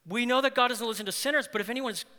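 A man preaching a sermon as pastor, animated, swinging between loud emphatic lines and hushed ones. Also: very high-pitched, very fast, clean tone, long reverb tail.

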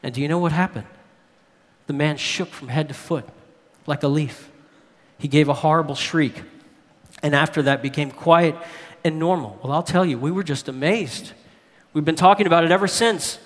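A man's voice: a little high, voice pushed down, lightly acted. A man voicing a young boy who tells his uncle a story in a plain, chatty letter. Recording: long hall reverb.

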